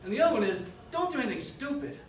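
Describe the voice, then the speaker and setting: A man in his sixties telling a self-deprecating story live at a story slam, in a relaxed conversational way. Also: extremely high pitch, very fast. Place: live event hall with audience. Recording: echoey hall, distant mic, noisy.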